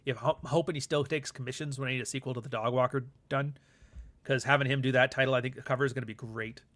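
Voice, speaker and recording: A man's voice: mid-range voice, steady tone, quick pace, a bit bright. Rambling, candid man talking casually. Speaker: podcast host and author. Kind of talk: casual vlog monologue.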